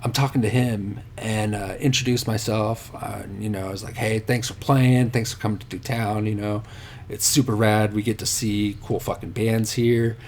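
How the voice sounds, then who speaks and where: A man's voice: lowish voice, fairly even intonation, moderate pace, darkish tone, slight background noise. A man telling rambling, profane stories about himself as a podcast guest. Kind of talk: casual podcast storytelling.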